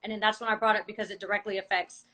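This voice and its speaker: A woman's voice: medium pitch, little pitch movement, rapid-fire, pushed and bright, low-quality recording. A woman in a heated conversation, insistently explaining her side at length. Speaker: cast member.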